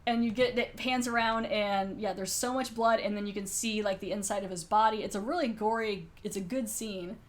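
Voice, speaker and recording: A woman hosting a podcast, retelling a horror episode in an animated, chatty way. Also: mid-range voice, a little fast, few pauses. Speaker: podcast host. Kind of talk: casual film review chat.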